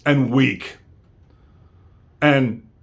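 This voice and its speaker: A man's voice: medium pitch, steady tone, drawn-out words, creaky. An American man delivering an angry political rant straight to his viewers, heated and full of stammering restarts. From United States. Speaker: vlogger.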